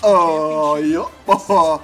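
A man's voice: a little high, drawn-out words. A man streaming a football video game, trash-talking and laughing. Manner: animated trash talk, laughing, slang. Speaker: gaming streamer. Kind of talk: casual game commentary.

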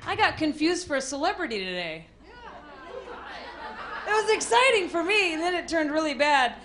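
A young Texan woman performs stand-up in a club, telling self-deprecating stories in a drawl. Her voice sits high for a woman. The live recording carries clear audience noise underneath her. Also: sing-song, moderate pace, crowd noise. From Amarillo, Texas. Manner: drawling, self-deprecating storytelling with frequent laughs. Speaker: stand-up comedian. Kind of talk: stand-up comedy set. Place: comedy club stage.

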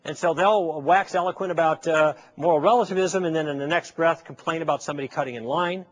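A public speaker gives a persuasive lecture to a live audience, telling a story in which he acts out both sides of a conversation using rhetorical questions. His voice is on the high side and fast.

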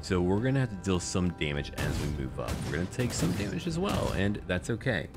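A man's voice: sits low, very animated, brisk, gravelly, over music. A man giving playful, boastful commentary on a roleplay strategy game campaign and mocking the enemy. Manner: playful, boastful trash-talk of enemies. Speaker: gaming YouTuber.

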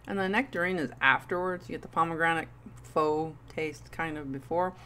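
A woman's voice: low-pitched, normal speed, pushed and bright, slight background noise. A woman in her thirties doing a playful candy review vlog, with goofy asides. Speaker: vlogger.

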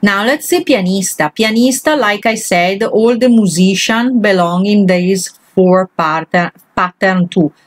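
A woman's voice: mid-range voice, slow, hardly any pauses, dry recording, low-quality recording. A woman, a language teacher, patiently walking through grammar exercises one example at a time. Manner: patient, walks through each example step by step.

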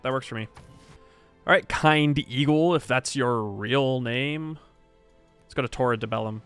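Lively, chatty male game streamer. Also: mid-range voice. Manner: chatty, wry, talks to himself and game characters. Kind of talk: live gameplay commentary.

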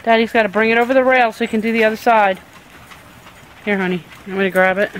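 A woman's voice: on the high side, steady tone, fast talker, slight background noise. A woman filming her dogs outdoors on a backyard deck with a handheld camcorder, doting and laughing as she talks to them. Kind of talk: casual home video chat.

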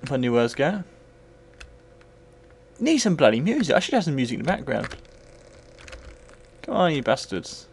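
Tipsy man, gravelly, lively pitch, sweary rambling play-by-play; retro game review commentary. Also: moderate pace, pauses often, a little hiss or hum. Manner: sweary, rambling, bursts into excited yells. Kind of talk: live gameplay commentary.

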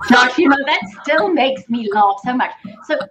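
A woman's voice: sits high, lively intonation, moderate pace, a crowd in the background, low-quality recording. A woman hosting a casual interview, upbeat and explaining things with energy. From South Africa. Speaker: host. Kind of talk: casual video-call interview.

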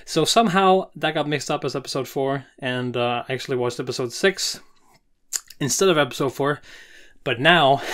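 A host reacting to an anime in casual commentary, excitable, swearing and laughing often, with the show's audio faintly behind. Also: mid-range voice.

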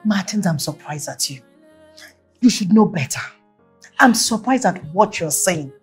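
A woman's voice: medium pitch, expressive, unhurried, slightly rough, soft background music. An actress with a Nigerian accent playing an overprotective, anxious mother who pleads and insists. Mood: pleading. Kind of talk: film drama acting.

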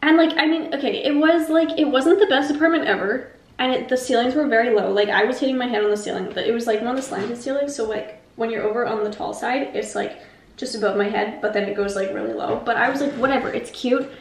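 A woman's voice: a little high, fast talker. A young woman vlogging casually in an emptied apartment, rambling through a story with lots of "like". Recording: echoey empty room.

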